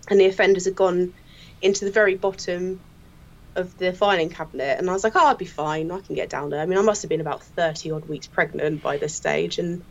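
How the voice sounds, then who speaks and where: Woman guest, lively storyteller, laughs a lot, voices quotes, slightly dull lo-fi sound. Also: fairly low pitch. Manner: animated, laughing storyteller who acts out quotes. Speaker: crime scene investigator guest. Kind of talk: casual anecdote telling.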